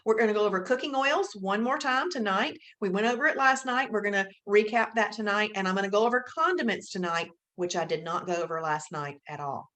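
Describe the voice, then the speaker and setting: A woman hosting a live webinar speaks a little fast with few pauses, her mid-range voice fairly bright and her accent Southern, from Alabama. She chats in a relaxed, upbeat way and greets viewers by name.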